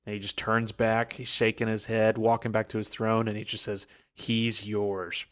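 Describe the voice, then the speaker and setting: A man's voice: fairly low pitch, monotone, fairly quick. A man co-hosting a podcast, recapping a book in a rambling, casual way with many fillers. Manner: rambling, lots of "like" and "um". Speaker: podcast co-host.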